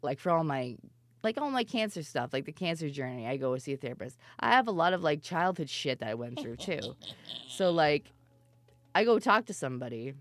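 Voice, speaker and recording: Casting note: young woman streamer, low voice, giggly and rambling, dry close sound. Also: very animated, brisk, dry recording. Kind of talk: casual stream chat.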